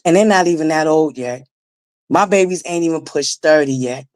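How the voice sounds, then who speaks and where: A woman in her forties with a naturally raspy voice, hosting a casual live-stream commentary, blunt and profane, talking straight to her viewers. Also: low voice, normal speed, a little mellow. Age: 40s. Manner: blunt, profane, emphatic, addresses viewers directly. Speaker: livestream commentary host.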